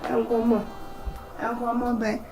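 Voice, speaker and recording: A woman playing a high, gravelly mother. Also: little pitch movement, unhurried, music in the background. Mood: pleading. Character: worried middle-aged mother arguing with grown daughters. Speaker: mother in a family skit.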